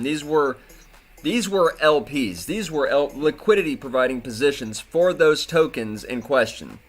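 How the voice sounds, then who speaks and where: Angry, cursing man ranting about crypto. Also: on the high side. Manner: profane, heated ranting. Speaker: crypto video host. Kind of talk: angry crypto news commentary.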